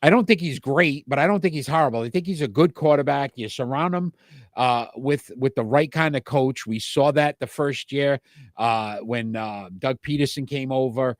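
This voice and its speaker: A man's voice: mid-range voice, moderate pace, no room sound, studio quality. A man with a Rhode Island accent co-hosting a sports talk show, giving opinionated rankings and often restarting with repeated words.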